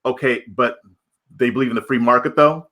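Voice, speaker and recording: A man's voice: mid-range voice, steady tone, brisk, pushed and bright. A man co-hosting a podcast, making a political argument in casual talk with rhetorical questions. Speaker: podcast co-host.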